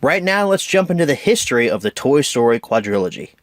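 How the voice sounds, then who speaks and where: A man's voice: medium pitch, sing-song, brisk, over music. A young man in his twenties hosting a casual home media review, chatty and wry, who often stumbles over his words. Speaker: host.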